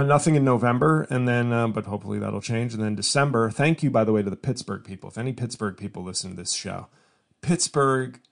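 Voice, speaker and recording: Male comic podcast host, low gravelly voice, loose rambling solo monologue. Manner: rambling, self-interrupting, mock-whiny when imitating fans. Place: home studio.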